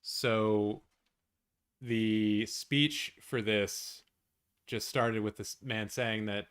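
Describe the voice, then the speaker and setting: A man hosting a live watch-along stream, chatting casually with his viewers, swearing often and reacting loudly. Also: on the low side, drawn-out words, clean tone. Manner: excitable, swears a lot, talks to chat.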